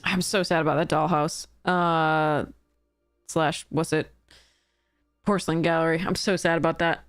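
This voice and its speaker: A woman's voice: low voice, little pitch movement, a little slow, clean tone, no echo, clean studio sound, soft background music. A woman streaming a card game draft, thinking aloud in casual commentary and laughing at her own mistakes.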